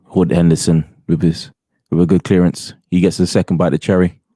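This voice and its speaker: A man's voice: low-pitched, little pitch movement, brisk, mellow. A man co-commentating on a football match in a laid-back way, dropping jokey side remarks. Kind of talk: casual live football commentary.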